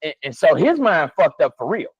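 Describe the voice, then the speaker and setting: A man argues hard in a casual conversation. He swears freely and breaks into laughter often. His voice sits high for a man, and the recording is dry and close. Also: sing-song, moderate pace, husky, no room sound, lo-fi sound. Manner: emphatic, profane, laughing often. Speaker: podcast co-host.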